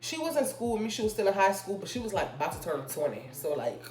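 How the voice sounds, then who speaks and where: This young woman vlogger has a medium-pitched, slightly mellow voice and is very animated. She tells a personal story in rambling, chatty style with drawn-out fillers, in an echoey room with faint music.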